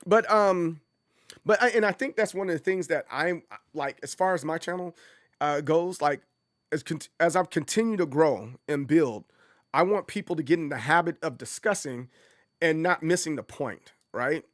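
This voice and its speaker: A man's voice: a little high, normal speed, no room sound, clean studio sound. A man hosting a casual livestream, talking in a loose, rambling way that circles back and repeats points. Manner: animated, rambling, repeats himself. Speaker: streamer host.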